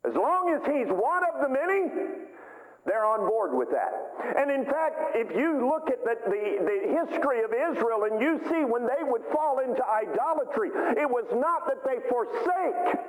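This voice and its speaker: A man delivers a sermon from the pulpit, his fairly high voice swinging up and down with lively, emphatic rises. The sound rings with a long, echoey reverb, as if caught in a large church hall. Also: moderate pace. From United States. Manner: preaching with sweeping pitch and emphatic rises. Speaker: pastor.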